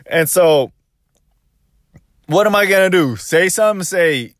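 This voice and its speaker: A man's voice: high voice, animated, a little slow, dry recording, clean studio sound. A man casually telling a first-person story, rambling and restarting as he quotes his own thoughts.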